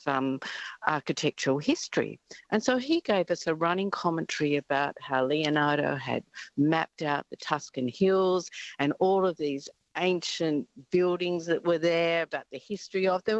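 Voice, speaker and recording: A middle-aged woman with an Australian accent recounts a travel mishap down a muffled phone line. Her voice has a dry, close sound. She tells her story in a lively, chatty way and laughs easily. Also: fairly low pitch, moderate pace, no room sound. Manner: lively anecdotal, laughs often. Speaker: caller.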